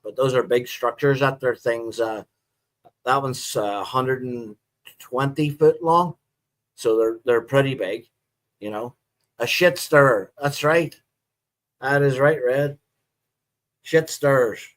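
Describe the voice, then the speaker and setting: A middle-aged man with a Northern Irish accent, hosting a live stream and chatting casually with viewers in a relaxed, rambling way. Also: mid-range voice, slow, long pauses. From Northern Ireland. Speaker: livestream host.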